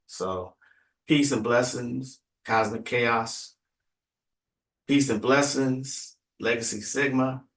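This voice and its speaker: A man's voice: medium pitch, fairly even intonation, takes it slowly, fairly bright tone. Laid-back Texan man in a roomy space. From Texas. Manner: laid-back, rambling with many fillers and asides. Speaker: livestream host. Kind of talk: casual livestream chat. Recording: roomy, distant from the mic.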